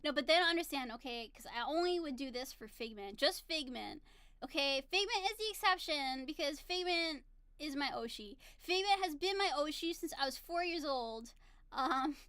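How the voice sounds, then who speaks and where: A vlogger in her thirties chats casually to camera, telling a story in a bubbly, giggly, gushing way. Her voice sits high, bright and forceful, with no echo.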